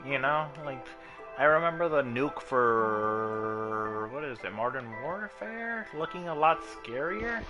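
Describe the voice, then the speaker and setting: Profane, rambling man with game music. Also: mid-range voice. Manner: profane, rambling, with excited outbursts. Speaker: gaming video host. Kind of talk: casual gameplay commentary and rant.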